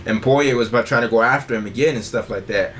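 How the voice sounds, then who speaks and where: A man's voice: mid-range voice, fast talker, fairly bright tone, slight background noise. Rambling young man on a podcast. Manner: rambling, says "and stuff like that" constantly. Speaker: podcast host. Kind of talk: casual podcast chat.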